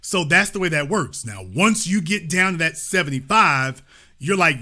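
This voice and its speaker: A man's voice: on the high side, expressive, moderate pace, pushed and bright. A man hosting a live call-in talk show, talking casually and repeating his points. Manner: casual, repetitive, restates lines.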